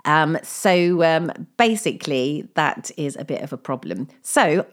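Chatty woman, slightly low voice. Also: animated, a little slow. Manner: chatty, rambling anecdotes with frequent laughter. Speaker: podcast host. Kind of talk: casual solo chat.

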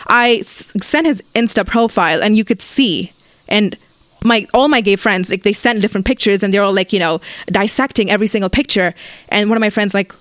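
A woman's voice: mid-range voice, fairly quick, dry recording. A young woman vlogger telling a story-time rant in a blunt, rambling, profane way, full of fillers.

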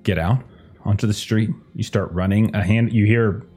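A man's voice: fairly low pitch, steady tone, moderate pace, a little mellow, breathy edge, soft background music. A man narrating as game master in a tabletop game, in a loose, conversational way with many fillers.

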